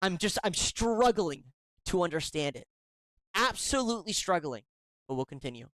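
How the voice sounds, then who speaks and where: In a sing-song, normal-speed delivery, a host works through a commentary segment, reading emails aloud and answering them with sarcastic indignation. The voice is mid-pitched and fairly bright, and it regularly stumbles and restarts mid-sentence. There's no room sound at all in this dry, close recording.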